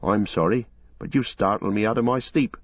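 A loyal, stout-hearted servant talks in a homely, plain-spoken way, as a man plays him. The voice sits low and a little husky, and the read is close and dry with a slightly muffled top. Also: normal speed, no echo. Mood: apologetic. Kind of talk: audiobook character voice.

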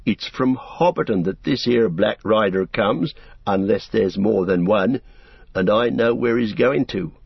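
A man's voice: lowish voice, measured pace, creaky, slightly rough, no room sound, heavily acted. A man voicing a loyal, humble male hobbit servant who speaks earnestly and rustically in an audiobook. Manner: deferential, rustic speech with frequent "sir". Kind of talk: audiobook character voice. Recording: dull, dry lo-fi recording.

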